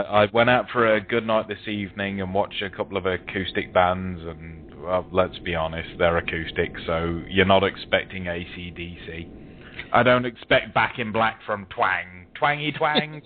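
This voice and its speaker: A British man calling in to a talk show, joking crudely in a deadpan way. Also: sits low, a little hiss or hum. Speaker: caller. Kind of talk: casual call-in chat. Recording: phone-line audio.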